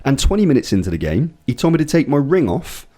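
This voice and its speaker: Lively, swearing man telling a story. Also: medium pitch, quick pace. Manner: animated storytelling, swears often, acts out voices in anecdotes. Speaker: podcast co-host. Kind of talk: casual chat.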